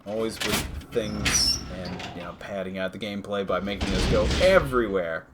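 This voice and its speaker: A man's voice: fairly low pitch, moderate pace, noisy background. A young man playing a video game on stream, chatting casually and swearing when frustrated. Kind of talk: casual gameplay chat.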